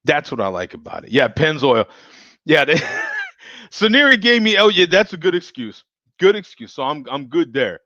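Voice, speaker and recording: A man reviews a beer live with viewers, his voice bouncing animatedly as he jokes and laughs. He talks in a slightly high register. The sound is dry and dull, like lo-fi stream audio. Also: normal speed, no echo. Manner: animated, joking, laughs often.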